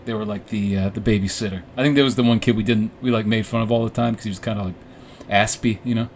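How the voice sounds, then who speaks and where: A man's voice: on the low side, steady tone, fast, slight background noise. A young man hosting a podcast, telling a story casually, rambling and swearing, with frequent laughs. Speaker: podcast host.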